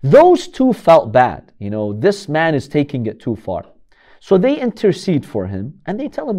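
A man's voice: a little high, huge pitch swings, unhurried, mellow. A man giving a religious history lecture, telling the story dramatically and asking rhetorical questions.

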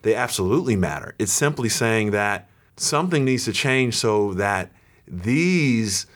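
A man speaking as a guest on a podcast, explaining his view in a measured, thoughtful way. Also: lowish voice, lively intonation, a bit bright. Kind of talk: casual conversation.

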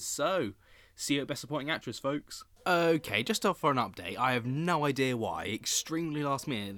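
A young man giving opinionated live reaction commentary on an awards show, excitable and prone to loud outbursts. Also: medium pitch.

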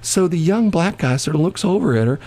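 A man's voice: a little high, lively intonation, fairly quick, warm tone. A man casually telling a long anecdote in conversation, rambling with many restarts and bursts of laughter. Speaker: storyteller in a conversation.

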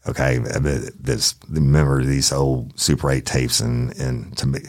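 A man's voice: extremely low pitch, animated, measured pace. A man who works as a police detective, telling a story in a blunt, profane, casual way and acting out the people in it. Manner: profane, blunt, acts out the other people in his stories.

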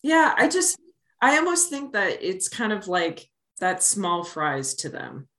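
A woman's voice: medium pitch, sing-song, a bit bright. Blunt woman in an echoey room. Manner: quick, blunt, wry asides. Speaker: podcast co-host. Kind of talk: casual sports chat.

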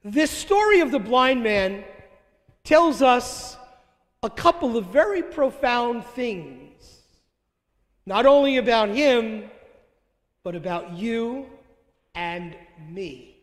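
Older male priest, high voice, unhurried homily, long church reverb. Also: expressive, fairly bright tone. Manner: slow, deliberate delivery with reflective pauses. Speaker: Catholic priest.

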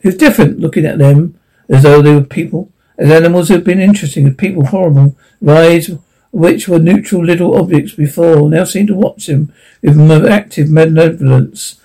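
A man narrating a short story aloud, with a halting delivery that stumbles over words. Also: fairly high pitch, mellow, slightly rough, poor audio. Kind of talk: storybook reading.

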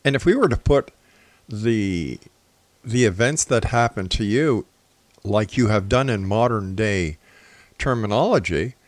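A man hosting an interview, asking measured questions that he builds up step by step. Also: fairly low pitch, dry recording. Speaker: radio interview host.

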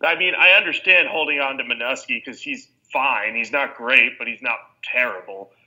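Bright-toned man analyzing in long sentences. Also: mid-range voice, moderate pace, rough recording. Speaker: podcast co-host. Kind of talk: casual sports podcast chat.

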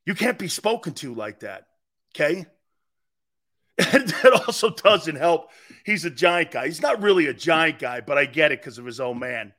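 Man, sports talk host, lively swinging pitch, bright edge, blunt combative rant. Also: normal speed. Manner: blunt, combative, animated with sudden shouts.

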